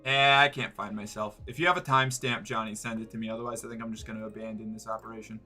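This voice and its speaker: A man's voice: lowish voice, fairly even intonation, fast, pushed and bright, soft background music. A man streaming live, chatting casually and rambling, often restarting and swearing. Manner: rambling, self-interrupting, swears.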